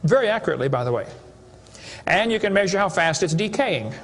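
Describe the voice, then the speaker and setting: A man's voice: high voice, sing-song, fast, a bit bright, big-room sound. A man giving a creationist seminar lecture to an audience, sarcastic and mocking as he tells stories.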